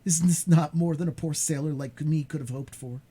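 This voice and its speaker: A man reading aloud, voicing an eager, impulsive young sailor who speaks with excited emphasis. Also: fairly high pitch, moderate pace, breathy edge, pitched above the performer's own voice. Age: young adult.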